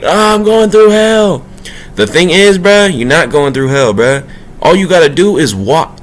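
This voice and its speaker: A man talking casually and profanely about spirituality, in loose, slangy street talk that swings between low asides and high, emphatic bursts. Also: fairly bright tone. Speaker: spiritual vlogger.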